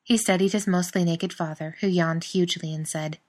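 A woman reading a story aloud in a calm, even manner. Her voice sits a little on the low side and stays steady through the narration. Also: moderate pace, few pauses. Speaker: reader.

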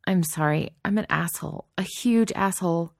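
A woman's voice: lowish voice, normal speed, gravelly, darkish tone, no echo, studio quality. A woman voicing an anxious teenage girl who stammers out flustered apologies. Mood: apologetic.

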